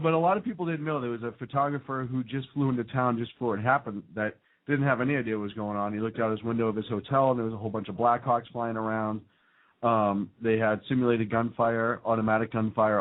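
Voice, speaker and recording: Man on a lo-fi talk radio stream. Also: medium pitch. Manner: rambling, reads lists with fillers. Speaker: radio show co-host. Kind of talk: casual talk radio chat. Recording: phone-like narrow band.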